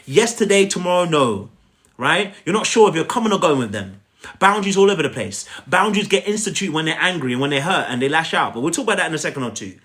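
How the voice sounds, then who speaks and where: A man's voice: a little high, animated, quick pace, fairly bright tone. A man giving an emphatic, repetitive coaching talk on a live stream, asking viewers to repeat after him and speaking to them directly. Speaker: relationship coach.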